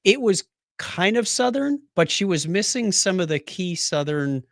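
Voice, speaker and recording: A high, sing-song male voice, a little slow and fairly bright, captured dry with clean studio sound. He's a podcast co-host spinning a rambling story in casual talk, frequently breaking into laughter.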